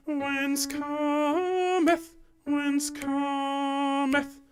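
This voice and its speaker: A man leading a choir rehearsal, patiently explaining phrases and singing lines for his singers. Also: mid-range voice. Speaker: choir director. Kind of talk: online choir rehearsal teaching. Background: piano.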